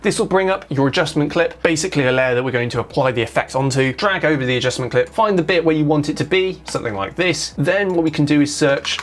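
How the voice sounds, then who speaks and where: A man with a fairly high voice talks through a screen-recorded editing tutorial. He explains each click in a relaxed, chatty way. He drops in small self-mocking jokes. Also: quick pace, few pauses. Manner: casual step-by-step explaining with light self-mocking asides. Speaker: video editing tutorial host.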